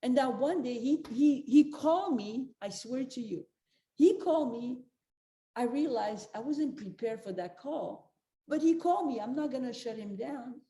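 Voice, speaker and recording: A woman's voice: high-pitched, expressive, normal speed, warm tone. An older woman giving a motivational talk as a spiritual life coach, earnest and direct, repeating her key advice to the listeners. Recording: roomy echo.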